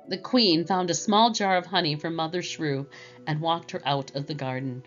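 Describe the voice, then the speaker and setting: A woman gently narrating a children's storybook aloud. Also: sits low, moderate pace. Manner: gentle and expressive. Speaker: storybook reader. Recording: dull lo-fi with faint music.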